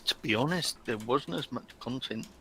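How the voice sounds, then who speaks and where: A man's voice: mid-range voice, normal speed, pushed and bright, slight background noise. A man on a group voice call speaking in a matter-of-fact way. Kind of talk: casual chat.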